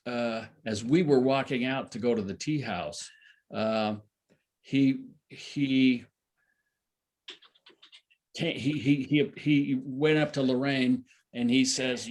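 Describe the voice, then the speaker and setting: A man's voice: medium pitch, steady tone, slow pace, pauses often, a little mellow. An older man telling a long personal story at a satsang, rambling with many fillers and restarts. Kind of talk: casual spoken storytelling.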